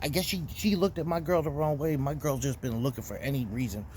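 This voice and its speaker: A man's voice: medium pitch, brisk, darkish tone, slight background noise. A young man telling a weekend story as host, casual and profane, heated as he talks. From Florida. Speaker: podcast host.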